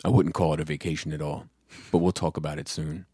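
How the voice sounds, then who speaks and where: A man imitating his terse, withholding father in a flat voice during a casual podcast chat. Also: very deep voice, quick pace, breathy edge, no room sound, studio quality, pitched below the performer's own voice. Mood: cryptic. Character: man's terse, cryptic middle-aged father.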